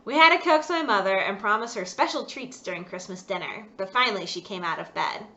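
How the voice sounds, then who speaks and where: A woman author reading her own chapter aloud in an expressive storybook narration. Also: medium pitch, fairly quick. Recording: dull lo-fi recording.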